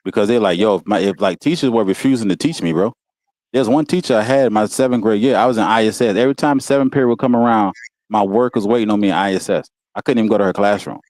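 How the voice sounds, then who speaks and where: Low-voiced man telling stories with laughs. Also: fast, a little mellow, no room sound. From Walterboro, South Carolina. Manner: laughs often, says "you know what I'm saying". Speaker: guest. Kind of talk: casual storytelling. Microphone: video call.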